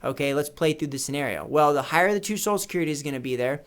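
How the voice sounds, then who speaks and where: Talking to camera from an office or home studio, this retirement adviser has a fairly high, clean voice with lively intonation and a rapid-fire delivery. He hammers his points with repeated questions and anecdotes. The setup is a camera mic under studio lights.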